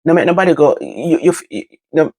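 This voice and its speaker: An older woman with a Jamaican accent, telling stories from her own life to her vlog audience in casual, animated talk that moves between patois and standard English. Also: low voice, fast, husky, no echo. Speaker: vlogger. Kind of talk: casual storytelling to camera.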